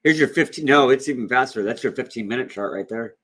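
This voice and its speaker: A man's voice: mid-range voice, fast, a bit bright, breathy edge. A man co-hosting a casual livestream chat, laughing often and swearing casually. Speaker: co-host.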